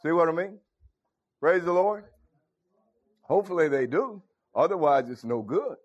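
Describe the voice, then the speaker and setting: A man's voice: on the high side, animated, normal speed. A man preaching a folksy sermon, calling out to his congregation. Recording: dull lo-fi recording.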